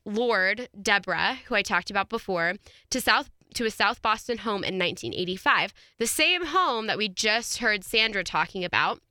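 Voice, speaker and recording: Chatty woman with a bright voice. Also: mid-range voice, no room sound, clean studio sound. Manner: chatty, laughs often, reads quotes aloud. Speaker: podcast co-host. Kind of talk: casual true-crime chat.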